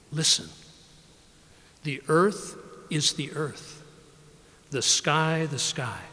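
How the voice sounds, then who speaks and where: An older man giving a live poetry reading of his own work, measured and unhurried, often softening his voice. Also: fairly high pitch. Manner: measured, unhurried reading with soft drops in level. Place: library event room, live audience. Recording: reverberant live room recording.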